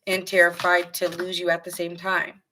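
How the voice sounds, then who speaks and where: A woman's voice: on the low side, moderate pace, low-quality recording. A woman giving a casual live tarot reading, chatting to viewers by name between cards. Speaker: tarot reader. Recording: steady background noise.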